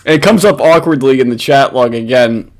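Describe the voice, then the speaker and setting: A man's voice: mid-range voice, fairly quick. A man giving casual reaction commentary, ranting in an exasperated, profane way with many restarts. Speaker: commentary host.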